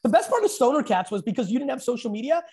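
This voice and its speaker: A man's voice: very high voice, big pitch swings, darkish tone. Blunt, profane talk-show man. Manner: blunt, profane, rapid opinionated banter. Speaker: host. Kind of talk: casual chat.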